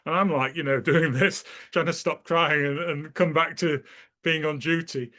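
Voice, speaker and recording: Fairly high-pitched and sharp, the man talks fairly quickly as he recalls memories for an interviewer. It's a rambling, casual account where he keeps restarting sentences and imitates the people he mentions.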